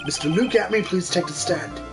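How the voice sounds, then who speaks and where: A woman's voice: lowish voice, expressive, a little fast, creaky. A woman voicing a stern elderly male judge who speaks formally, pronouncing rulings over game music.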